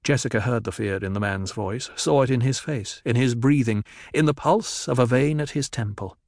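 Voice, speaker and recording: Gravelly male audiobook narrator. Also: mid-range voice, moderate pace, dry recording, clean studio sound. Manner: steady, even storytelling.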